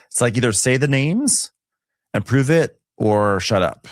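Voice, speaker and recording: Animated man recapping in casual chat. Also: medium pitch, unhurried, no echo, studio quality. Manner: animated storytelling, acts out quotes. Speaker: podcast co-host.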